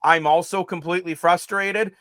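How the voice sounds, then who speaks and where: A man's voice: high-pitched, steady tone, normal speed, fairly bright tone, dry recording. A man co-hosting a sports talk show, ranting with emphatic frustration about a team's poor play.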